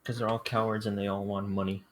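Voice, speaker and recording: A man's voice: lowish voice, little pitch movement, fast. A young man playing a tabletop game, speaking bluntly in short remarks. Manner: blunt, terse. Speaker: player. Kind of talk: casual tabletop game chat.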